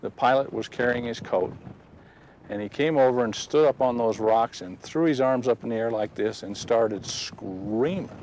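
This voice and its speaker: A man telling a personal story in a folksy, animated way, recorded outdoors. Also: medium pitch, moderate pace, a little hiss or hum, low-quality recording. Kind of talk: personal testimony told outdoors.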